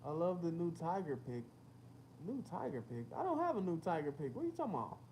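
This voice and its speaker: A man's voice: fairly high pitch, fast talker, a little hiss or hum. A young man, hosting a casual livestream, telling stories full of slang and cursing and reading chat comments. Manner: animated storytelling with lots of slang and cursing.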